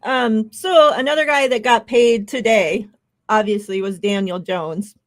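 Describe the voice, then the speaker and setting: A woman's voice: a little high, unhurried. A woman co-hosting a sports podcast over an online call, greeting the live chat by name in a friendly way and talking casually. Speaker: podcast co-host.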